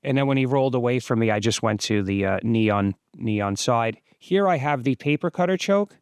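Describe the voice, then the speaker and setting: A man in his fifties, host of his own channel, giving relaxed, explanatory voice-over commentary on sparring footage. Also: mid-range voice, brisk, smooth, no echo, studio quality. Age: 50s.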